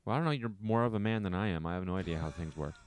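Deep, smooth-voiced man in casual chat. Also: rapid-fire, no echo. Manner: self-deprecating, repeats himself emphatically.

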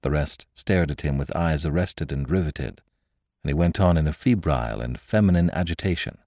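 Deep-voiced man reading a classic tale. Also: moderate pace, no echo, studio quality. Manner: expressive, theatrical storytelling. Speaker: narrator. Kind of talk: audiobook reading of a classic story.

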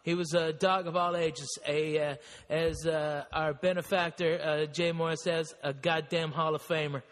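A man co-hosts a casual chat, bantering with crude jokes. His pitch sits slightly high for a man. The room adds a long reverb. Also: flat delivery, a little slow, a bit bright. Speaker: show co-host. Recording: reverberant kitchen.

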